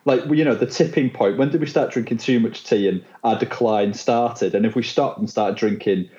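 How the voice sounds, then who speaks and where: A man's voice: mid-range voice, moderate pace, mellow, highs cut off. An English man with dry, self-mocking humor, a guest author chatting casually in a podcast interview. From England. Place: home, remote call.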